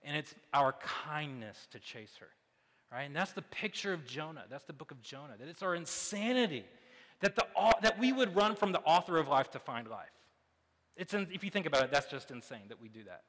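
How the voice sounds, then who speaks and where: A man in his thirties preaches in a loose, chatty way, stacking asides and fillers as he goes. His voice sits fairly high and sounds bright and forceful. The sound rings out with a long reverb from a large hall. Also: fairly quick, a little hiss or hum. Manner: conversational and animated, with many fillers and asides. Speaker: pastor. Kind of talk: sermon.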